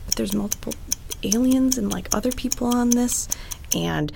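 A woman's voice: on the high side, moderate pace, gravelly, background noise. A woman co-hosting a podcast, chatting casually in a playful, giggly way. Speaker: podcast co-host. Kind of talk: casual chat.

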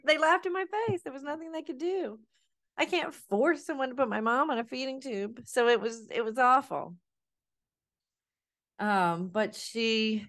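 Emotional, halting middle-aged woman host. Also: medium pitch, fairly bright tone. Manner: emotional and candid, halting with repeated words. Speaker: podcast host. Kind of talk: personal podcast monologue.

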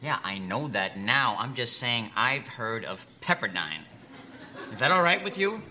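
A man acting out a blunt, scatterbrained boss who rambles and badgers in a plain mid-pitched voice. His words drag when he lectures, and a steady hiss of noise sits under the recording. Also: moderate pace. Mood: baffled, pushy. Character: rude scatterbrained middle-aged male boss. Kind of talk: comedy sketch acting.

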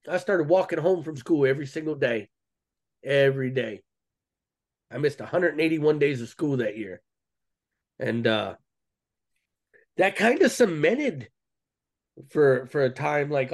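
A man's voice: on the high side, lively intonation, a little slow, pauses often, darkish tone. A man, a guest on a podcast interview, telling a personal story in a casual, earnest and slangy way with frequent restarts.

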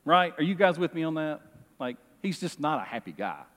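Expressive male pastor preaching. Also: on the high side, a little fast. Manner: lively, expressive, jokes with the congregation. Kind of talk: sermon. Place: church sanctuary. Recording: long reverb of a church hall.

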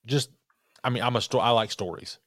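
A man's voice: medium pitch, fairly quick, a bit bright, dry recording, clean studio sound. A man co-hosting a podcast, talking loosely in casual chat, swearing and trailing off. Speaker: podcast co-host.

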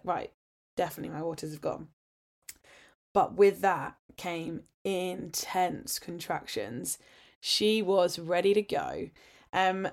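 A woman's voice: medium pitch, a little mellow. Chatty woman telling a story. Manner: chatty, laughs often, frank and candid. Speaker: podcast host sharing her birth story. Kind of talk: casual storytelling.

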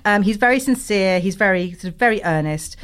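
A woman chats through a TV recap with lots of laughter and sudden high squeals. Her pitch swings up and down all the time. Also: a little fast, clean tone. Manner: animated, laughs often, squeals in delight. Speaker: podcast co-host recapping a TV series. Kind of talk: casual chat recap.

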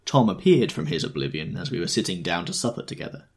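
A man narrating a novel in the first person, measured and storytelling. His voice is very low and gravelly with a husky grain, and his intonation moves in lively swoops. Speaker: audiobook reader.

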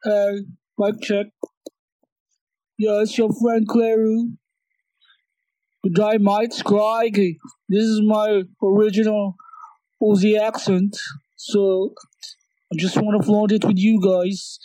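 A man's voice: high-pitched, flat delivery, slow, pauses often, warm tone, no room sound, poor audio. A man putting on a hammy fake Aussie bloke. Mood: jokey. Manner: hammy, playful greeting. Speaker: friend sending a voice message.

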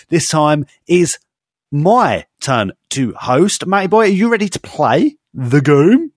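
A man's voice: on the high side, animated, normal speed, no echo, clean studio sound. A man hosting a podcast game segment, chatty and laughing often. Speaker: podcast host. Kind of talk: casual banter, running a game segment.

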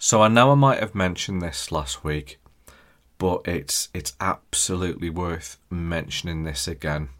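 A man hosting a podcast, hoarse from a chest infection, rambling and ranting jokily in casual chat. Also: deep voice, unhurried, fairly bright tone. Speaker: podcast host.

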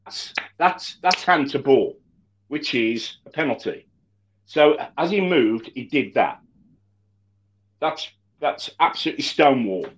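A man co-hosting a casual fan chat about football, animated and stumbling over his words with many restarts. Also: medium pitch, measured pace, a little hiss or hum, rough recording. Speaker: football podcast co-host.

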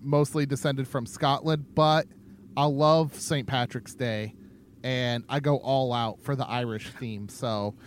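A man's voice: medium pitch, fairly even intonation, a little slow, a little hiss or hum. A man co-hosting a podcast, steering the conversation and teasing his partner playfully. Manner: teasing, playful, leads the talk. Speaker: podcast co-host. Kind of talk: casual chat.

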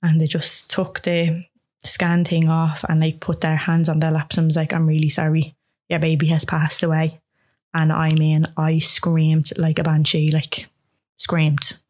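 A woman's voice: low voice, completely flat delivery, unhurried, a little mellow. A young woman telling a personal story in an interview, rambling with many fillers and acting out dialogue.

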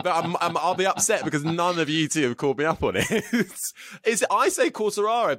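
A man's voice: a little high, a bit bright, no echo, clean studio sound. A man hosting a podcast, chatting in an easygoing, self-mocking way and giggling often. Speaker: podcast host. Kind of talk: casual podcast chat.

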